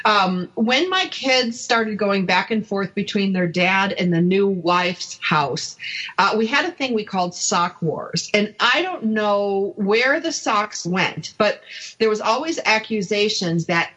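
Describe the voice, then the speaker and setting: A woman's voice: medium pitch, lively intonation, unhurried, fairly bright tone. Female radio host in her forties, casual storyteller, lo-fi recording. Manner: storytelling, acts out quoted voices.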